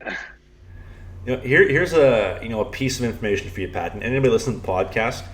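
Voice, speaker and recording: Young guy on a podcast, rambling stories, lots of "you know", average pitch. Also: expressive, quick pace. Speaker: podcast co-host, pro hockey goalie. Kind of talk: casual podcast chat.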